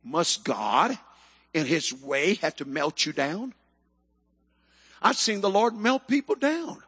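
Male preacher, high and bright, fervent, bursts into shouts; big echoing hall. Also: big pitch swings, takes it slowly, husky. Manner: fervent, swings into shouted emphasis. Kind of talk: sermon. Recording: echoey hall.

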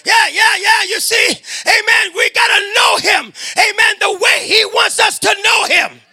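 Shouting high-voiced fervent male preacher. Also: a faint crowd. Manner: shouting, drawn-out, with frequent hallelujahs and amens. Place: church sanctuary before a congregation.

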